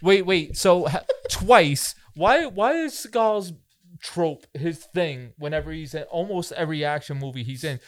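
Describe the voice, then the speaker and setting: Male podcast co-host, slightly high voice, dry close sound, incredulous riffing. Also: animated, measured pace, dry recording. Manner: incredulous, riffing on movie absurdities. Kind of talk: casual movie review chat.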